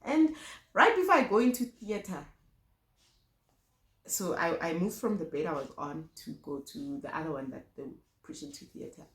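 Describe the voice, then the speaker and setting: A young South African woman tells a personal story in a vlog, candid and emotional, often breaking off and starting her sentences again. Her voice sits on the lower side, and the recording has a noticeably echoey room sound. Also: very animated, moderate pace. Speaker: vlogger.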